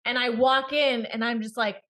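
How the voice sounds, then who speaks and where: A woman guest in a casual interview chat, telling stories in an animated way and acting out the voices of the people in them. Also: on the high side, moderate pace. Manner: animated storyteller, acts out quoted voices with laughter. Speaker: actress guest.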